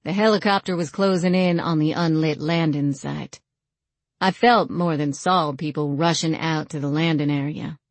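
A woman narrating a first-person novel in a wry, measured way, recorded on a close studio mic. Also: low-pitched, fairly even intonation, no room sound. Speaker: audiobook narrator.

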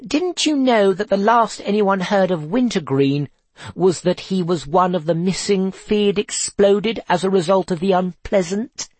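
A man's voice: high-pitched, measured pace, no room sound, voice pushed up. A man reading a story and voicing a mischievous man who slyly spreads gossip.

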